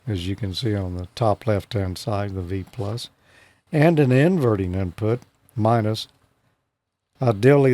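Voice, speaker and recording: A man's voice: lowish voice, darkish tone. A man co-hosting a casual show, chatting and then explaining technical material with enthusiasm. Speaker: co-host teaching radio exam material.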